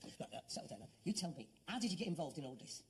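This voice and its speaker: This sitcom actor, doing 1970s-style acting, voices a scornful adult son whose speech is sarcastic, mocking and exasperated. His slightly high voice is very animated and racing, with a bit of background noise.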